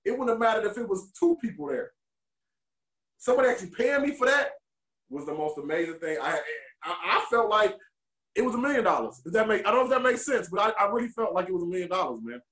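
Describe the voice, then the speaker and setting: A man from Detroit shares candid stories about his past as a wrestler. He speaks in a high register, animated and openly emotional. His voice bounces around a roomy, echoing space. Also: fast talker. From Detroit, USA. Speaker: podcast co-host and former pro wrestler. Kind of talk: candid storytelling interview.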